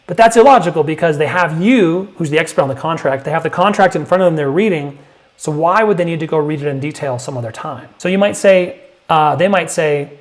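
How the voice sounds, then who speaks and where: A man gives a sales lesson in a direct, emphatic way, hitting his points hard. His voice sits a little high for a man. Now and then he lifts it further to mimic a hesitant prospect. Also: brisk. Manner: emphatic, punchy, acts out prospect lines in a higher voice. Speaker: sales coach.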